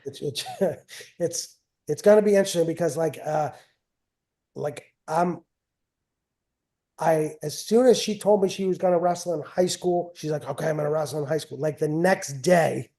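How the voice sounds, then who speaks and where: Middle-aged man, guest coach: rambling, repetitive storyteller, slightly high voice, warm tone. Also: a little slow, pauses often. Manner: rambling, repeats phrases, chatty and self-mocking. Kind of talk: casual storytelling interview.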